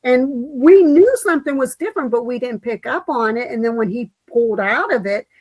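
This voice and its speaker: A woman hosting a casual live-stream chat, telling a story in an animated way and quoting what others said. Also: fairly high pitch, brisk, no echo, poor audio. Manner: animated storytelling with quoted voices. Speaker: livestream host.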